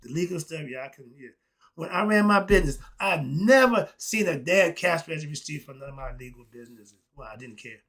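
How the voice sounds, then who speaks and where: A middle-aged man, giving a blunt, ranting opinion monologue that swings between muttering and loud outbursts. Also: mid-range voice, vocal fry, breathy edge. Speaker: commentary vlogger.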